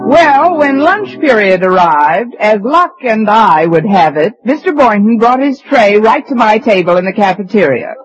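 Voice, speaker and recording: A woman's voice: medium pitch, very animated, moderate pace, few pauses, slightly rough, faint music behind. An actress playing a dry, sarcastic woman schoolteacher in a 1950s radio sitcom, also narrating. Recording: dull lo-fi old radio recording.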